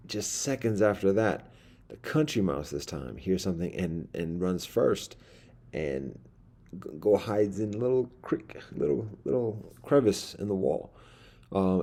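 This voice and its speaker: A man's voice: low-pitched, mellow. A man telling a rambling story in a dim candlelit room, wordy and full of fillers and restarts.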